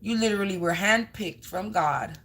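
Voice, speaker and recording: A woman doing a live spiritual card reading, speaking emphatically and piling up synonyms one after another. Her voice is bright and forward. She mixes blunt profanity into otherwise plain, mid-pitched speech. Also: moderate pace, rough recording.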